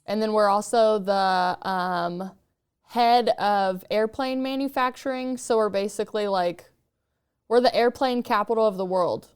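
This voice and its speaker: A woman's voice: mid-range voice, steady tone, unhurried, smooth. A woman from Kansas hosting a podcast, chatting casually and filling her speech with "like". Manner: chatty, peppers speech with 'like'. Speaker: podcast host. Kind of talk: casual chat. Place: podcast studio.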